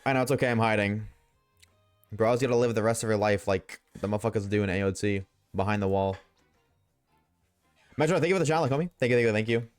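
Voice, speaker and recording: A man's voice: on the low side, quick pace, pauses often, clear, resonant tone, no room sound, faint music behind. A young man streaming a game, chatting casually with his viewers, joking and swearing freely. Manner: profane, joking, talks back to chat. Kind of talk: casual gaming livestream chat.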